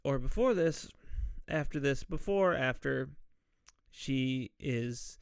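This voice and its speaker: Gravelly, slow-talking man recapping a film. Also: mid-range voice, animated, dry recording. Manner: retells scenes acting out characters' lines. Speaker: podcast host. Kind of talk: casual movie recap.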